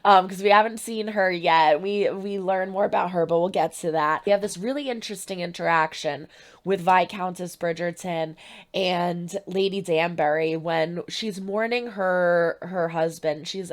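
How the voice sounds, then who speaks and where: Chatty woman recapping a show. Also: moderate pace. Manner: chatty, restarts often, stresses words with rising pitch. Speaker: reaction video host. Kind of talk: casual spoken recap of a TV episode.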